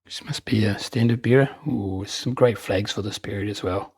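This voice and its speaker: On his miniature wargaming channel, a man with a darkish, slightly rough, lowish voice talks at normal speed while presenting his new figures. He rambles cheerfully, pokes fun at himself and keeps the hobby chat casual. The audio is dry with no room sound.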